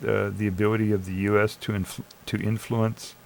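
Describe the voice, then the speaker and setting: Gravelly, low male streamer; sarcastic, argumentative commentary, faint noise behind. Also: flat delivery, a little fast, rough recording. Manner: sarcastic, argumentative, urging listeners to think. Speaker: live streamer. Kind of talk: casual commentary reading AI chat aloud.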